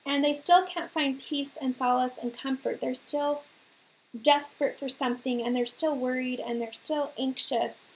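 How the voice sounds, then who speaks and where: A woman with a high, bright-toned voice hosts a faith livestream. She tells her viewers a story in an earnest, animated way and leans on repeated phrases for emphasis. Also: moderate pace.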